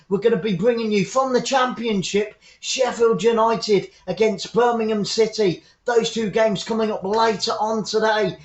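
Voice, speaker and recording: A man hosting a live fan football commentary stream, upbeat and chatty, greeting viewers by name. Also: very high-pitched. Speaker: football commentator and channel host. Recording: echoey room, dull lo-fi sound.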